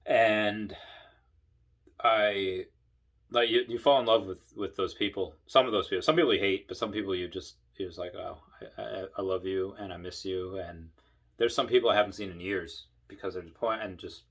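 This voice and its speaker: A man's voice: deep voice, steady tone, moderate pace, a bit bright. A tipsy man, an Air Force veteran, telling rambling stories to camera in casual, profane talk and acting out other people's lines. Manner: rambling, profane, acts out voices in bursts.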